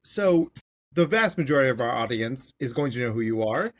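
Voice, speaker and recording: A man's voice: mid-range voice, expressive, brisk. A man hosting a podcast as a clinical psychologist, in casual interview talk, playful and joking with rambling asides.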